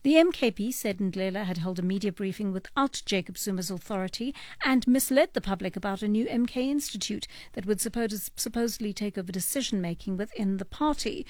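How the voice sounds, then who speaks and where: A woman from South Africa hosting a talk radio show, reading listener messages and taking calls in a measured, wry manner. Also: mid-range voice, a little mellow, no echo. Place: radio studio.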